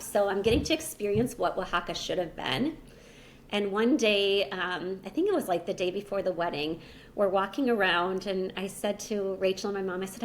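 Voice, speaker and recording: A woman in her thirties recounts a personal story as a podcast guest. Her speech is casual and chatty, full of "like" and "you know," and sits at an unremarkable middle pitch. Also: normal speed, slight background noise. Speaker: podcast guest, language teacher.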